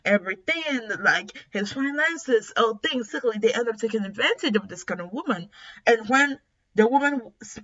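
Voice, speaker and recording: A woman casually recapping a comic story as a reviewer, retelling it in an animated, emphatic way. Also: medium pitch, muffled recording. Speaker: webtoon reviewer.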